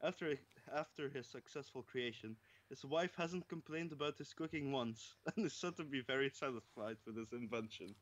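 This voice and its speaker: A man's voice: medium pitch, moderate pace, hardly any pauses, a bit bright. A man co-hosting a comedy podcast, reading news articles aloud and laughing through them. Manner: reads headlines, breaks into laughter. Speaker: podcast co-host. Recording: dull lo-fi podcast audio.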